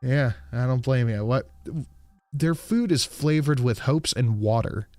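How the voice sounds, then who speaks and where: A man's voice: medium pitch, a little slow, warm tone, no room sound. A man hosting a live stream, reacting to clips in a casual, sarcastic way and swearing freely.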